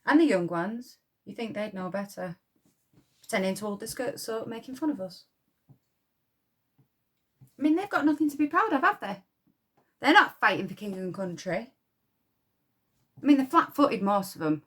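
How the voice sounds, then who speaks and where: An actress playing a blunt, defiant young wartime munitions worker with a Yorkshire accent, who swears freely and talks with scorn. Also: female voice, mid-range voice, close to an everyday voice. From Yorkshire, England. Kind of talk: dramatic monologue.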